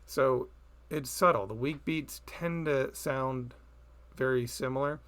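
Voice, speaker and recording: A man teaching a recorded music theory lesson, explaining slowly and chanting beat patterns aloud. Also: medium pitch, a bit bright, clean tone.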